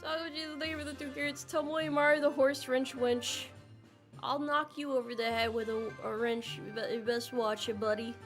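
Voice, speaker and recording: A woman's voice: high voice, fairly even intonation, normal speed. A young adult woman streamer chatting casually with her viewers in a playful, jokey way, with melodramatic outbursts. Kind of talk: casual livestream chat. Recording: faint music behind.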